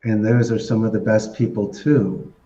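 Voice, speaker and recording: A man giving animated, story-filled interview answers and laughing often. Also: lowish voice, normal speed. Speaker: podcast guest. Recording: echoey, dull lo-fi sound.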